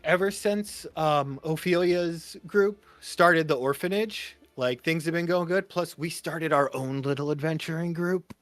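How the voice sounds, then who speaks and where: A man's voice: on the high side, unhurried, few pauses, a bit bright, no echo, soft background music, voice pushed up. A man voicing a cheerful young orphan girl in a tabletop game, upbeat and chatty with hesitant ums.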